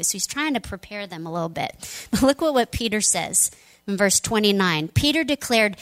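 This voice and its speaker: Woman telling a story in a lively sermon. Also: mid-range voice, moderate pace, rough recording. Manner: conversational, animated storytelling. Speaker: pastor.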